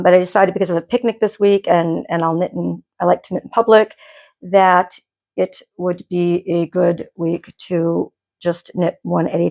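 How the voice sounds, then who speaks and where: Here a woman with a fairly low, gravelly voice hosts a knitting podcast. It's a rambling, casual chat from her home dye studio, full of restarted sentences.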